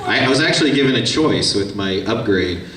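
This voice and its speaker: A man with a fairly low voice talks with lively swings of pitch, telling casual, irreverent stories during a convention Q&A. He sounds distant in a big echoey hall, with the crowd audible around him. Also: a little fast, a little hiss or hum. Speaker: voice actor, panel guest. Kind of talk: joking convention panel Q&A.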